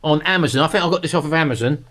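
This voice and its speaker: Speaking very fast in a fairly high, slightly bright voice, a middle-aged British man hosts a vlog. He rambles casually to camera, calling his viewers folks.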